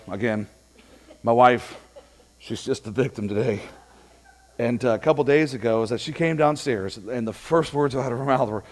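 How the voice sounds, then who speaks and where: A man's voice: mid-range voice, vocal fry. A man preaching a casual, conversational sermon in a church, telling funny stories and acting out both sides of the dialogue. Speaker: pastor.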